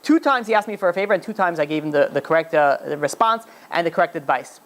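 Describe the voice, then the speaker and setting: A man's voice: a little high, animated, quick pace, a bit bright. A man, a rabbi, tells a parable in a lecture and acts out the characters' dialogue as he goes. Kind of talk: storytelling lecture.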